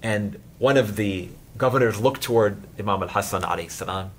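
A man's voice: lowish voice, a little fast, a little hiss or hum. A man in his thirties giving an informal sermon, telling stories in a conversational way with many fillers and quoted dialogue. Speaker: religious scholar and chaplain.

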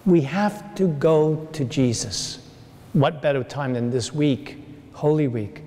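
A man, a priest, delivering a sermon in a slow, earnest way with long pauses. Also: on the high side, a little mellow. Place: large church. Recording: long church reverb.

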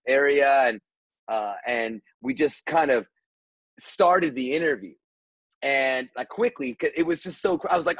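A man, a radio host guest on a podcast, telling a story casually, animated and swearing, with lots of restarts. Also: mid-range voice, no echo, rough recording.

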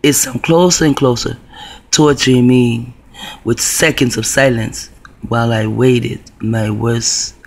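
A man's voice: mid-range voice, steady tone, a little slow. A man telling a personal story to camera in a rambling, profane, conspiratorial way. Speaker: video blogger.

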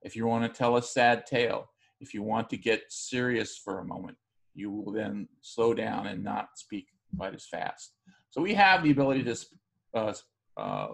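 A man teaching a recorded class lecture, explaining in a relaxed, conversational way with frequent fillers and restarts. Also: medium pitch, normal speed, vocal fry.

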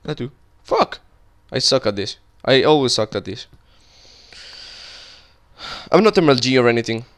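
A young man commentating his game casually, cursing a lot and yelling in panic when monsters show up. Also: medium pitch, sing-song, moderate pace, pauses often. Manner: casual, swears often, cries out in panic at monsters. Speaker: gaming YouTuber. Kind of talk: Minecraft let's play commentary.

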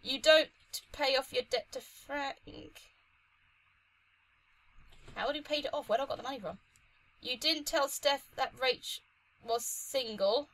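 A young woman commentating her own playthrough of a story game, chatty and excitable, talking to herself and the screen. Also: high voice, unhurried, long pauses, rough recording. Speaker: let's play host. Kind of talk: gaming commentary.

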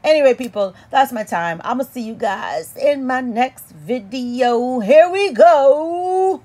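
A woman giving a casual perfume review in a sassy, animated, playful way with dramatic emphasis. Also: a little high, measured pace. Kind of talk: casual product review vlog.

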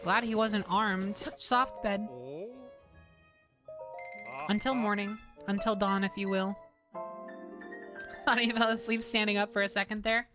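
A woman's voice: medium pitch, steady tone, slow pace, pauses often, over music. A young woman streamer dubbing a game with giggly, swearing, dramatic comedy. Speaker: gaming streamer.

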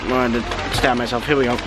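A teenage guy vlogging in a rambling, joking, self-mocking way, filmed on a handheld camera. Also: on the high side. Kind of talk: casual vlog.

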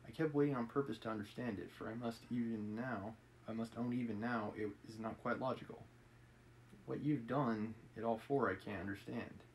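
A man's voice: medium pitch, steady tone, moderate pace, a little hiss or hum, close to an everyday voice, low-quality recording. Man reading as a stern angry young witness. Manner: stern, haughty. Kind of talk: reading a novel aloud on a live stream.

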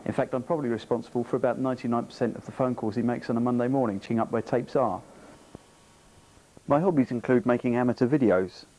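A man introducing himself to camera in a deadpan, jokey way, picked up by a camcorder mic. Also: medium pitch, quick pace, slight background noise, low-quality recording. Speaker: office worker.

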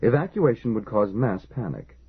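Male reader as a stern official: husky, low, animated. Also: moderate pace, heavily acted. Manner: stern, flat stating. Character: stern dismissive male government man. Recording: lo-fi phone-like audio.

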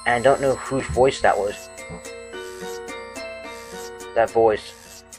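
A man at a middle pitch reading a game's dialogue out loud. He acts the lines with feeling and often sinks into quiet, hushed musing. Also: fairly even intonation, slow pace, over music. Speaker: game commentator. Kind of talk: dramatic reading of game dialogue.

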